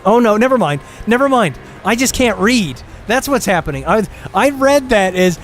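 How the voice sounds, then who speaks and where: A young man streaming a game, chatting excitedly, laughing often and reading viewer comments aloud. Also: a little high, moderate pace. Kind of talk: casual live gameplay commentary.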